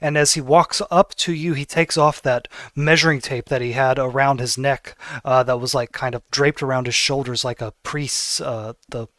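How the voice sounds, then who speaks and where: A man's voice: mid-range voice, fairly even intonation, normal speed, hardly any pauses, a bit bright, no echo, studio quality. A man narrating a tabletop game as game master, describing scenes in a casual way. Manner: casual, descriptive, often laughing.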